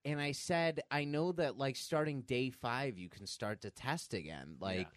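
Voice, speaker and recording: A man's voice: medium pitch, a little slow, dry recording. Man telling a rambling story. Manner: storytelling, swears casually. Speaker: podcast co-host. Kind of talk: casual chat.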